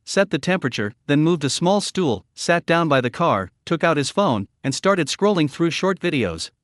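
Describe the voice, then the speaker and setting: A man narrating a recap story in a steady, scripted storytelling delivery. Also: fairly high pitch, dry recording, studio quality.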